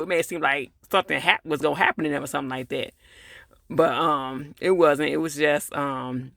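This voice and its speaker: A man's voice: a little high, creaky, fairly bright tone, no room sound, clean studio sound. A man casually recapping a TV episode in a rambling, easygoing way, with plenty of fillers and laughing at the characters. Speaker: TV episode reviewer.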